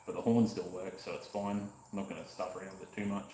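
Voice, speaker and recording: A man's voice: deep voice, steady tone, fast talker, warm tone. An Australian man from North Queensland, chatting casually and joking with rambling asides while working in his workshop. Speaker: motorcycle restoration vlogger. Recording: echoey room, faint background noise.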